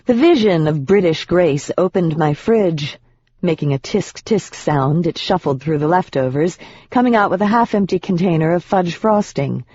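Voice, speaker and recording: An audiobook narrator reading a fantasy novel in the first person, in an even, measured way with tense emphasis at moments of fear. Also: medium pitch, slightly rough, no room sound. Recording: dull, dry audiobook recording.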